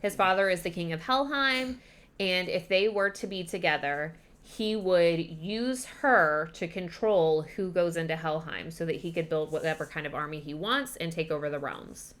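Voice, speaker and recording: A woman's voice: on the low side, normal speed, a bit bright. Chatty young woman recapping a book. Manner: chatty, rambling, with lots of fillers. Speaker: podcast host.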